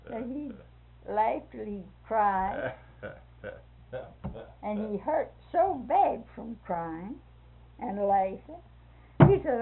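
A woman's voice: a little high, animated, takes it slowly, gravelly, pauses often, breathy edge. An older woman, telling a folksy family story in a casual way and laughing as she goes. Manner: laughs through her story, folksy dialect. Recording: tinny phone-like recording.

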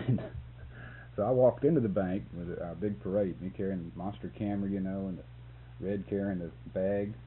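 A man's voice: low-pitched, normal speed. A man telling a story about a photography job in a recorded interview, often laughing as he talks. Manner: laughs often, animated when telling the punchline. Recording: tinny lo-fi tape with hum.

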